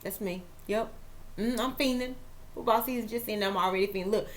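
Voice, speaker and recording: A woman's voice: mid-range voice, brisk. A woman hosting a chatty football vlog, playful and dramatic. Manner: lively, playful, dramatic asides. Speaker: vlog host and author.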